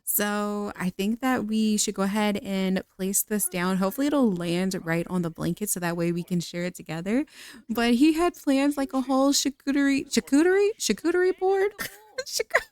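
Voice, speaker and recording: A woman's voice: medium pitch, normal speed, a little mellow, clear, resonant tone, no room sound. Giggly young woman narrating a game. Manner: chatty and giggly. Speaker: gaming content creator. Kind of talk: let's-play commentary.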